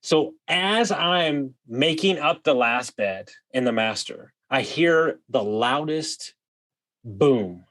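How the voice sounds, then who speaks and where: A man telling a wild story as a podcast guest, animated, swearing freely and full of "like" fillers. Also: mid-range voice, takes it slowly. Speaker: guest, vacation rental host. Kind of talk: casual storytelling.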